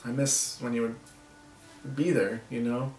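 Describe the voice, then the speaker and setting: Man, soft halting vlog talk, nervous little laughs, roomy echo, a bit off-mic. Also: mid-range voice, flat delivery, distant mic, faint music behind. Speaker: vlogger. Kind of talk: personal vlog talking to camera.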